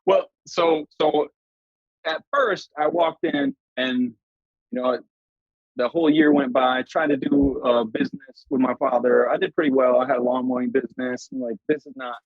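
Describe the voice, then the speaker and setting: A man's voice: mid-range voice, moderate pace, creaky, no echo, phone-quality sound. A man as a podcast guest, telling a personal story with intensity and acting out his own past words. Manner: intense, animated retelling that voices his past self in quotes.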